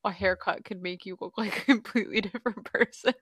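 A woman's voice: mid-range voice, fast, a bit bright, husky, no echo. A young woman chatting casually on a voice call, giggly and full of "like". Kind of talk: casual chat. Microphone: voice chat call.

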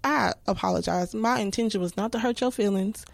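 A woman's voice: mid-range voice, brisk, vocal fry, no room sound. A woman in her thirties speaking candidly and reflectively as a podcast guest, full of restarts and filler words. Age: 30s.

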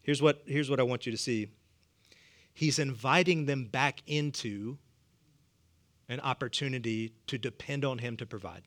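A man's voice: mid-range voice, moderate pace, long pauses, fairly bright tone. A man with a Southern US accent preaching a sermon, humorous and conversational, chuckling often. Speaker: pastor.

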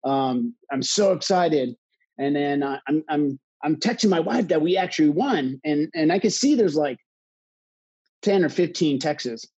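A man's voice: a little high, breathy edge, muffled recording. A man in his thirties, a college sports coach, telling a personal story to a live audience with many fillers and restarts. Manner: halting, many fillers and restarts, grows animated. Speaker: college water polo coach.

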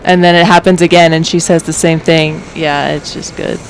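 A woman guest in a casual movie chat, relaxed, laughing easily and using many fillers. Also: deep voice, moderate pace, a little hiss or hum, low-quality recording.

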